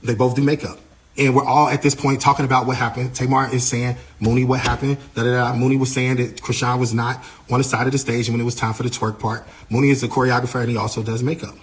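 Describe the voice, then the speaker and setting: A man working as a tour manager, telling what happened in a casual, animated way, often repeating himself and acting out what others said. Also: mid-range voice, a little fast. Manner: animated, repeats himself, acts out quoted voices. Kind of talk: casual storytelling account.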